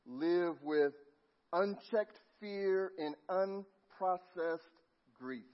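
A middle-aged man preaching a sermon, telling a family story and dropping to a near hush at tender moments. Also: sits high, extremely slow. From Los Angeles. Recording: muffled lo-fi sound.

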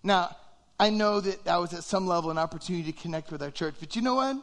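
A pastor delivers a relaxed, lively sermon in a high, bright voice, talking fast, loose and conversational. Along the way he acts out little quoted reactions.

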